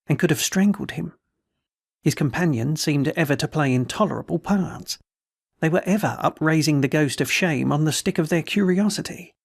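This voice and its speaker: A male audiobook reader with a gravelly, slightly high voice delivers scripted narration. The recording is dry, with clean studio sound.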